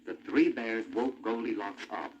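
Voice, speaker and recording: A man narrating a storybook in an animated, expressive way. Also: fairly low pitch, unhurried, a little hiss or hum. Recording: muffled old vinyl with music.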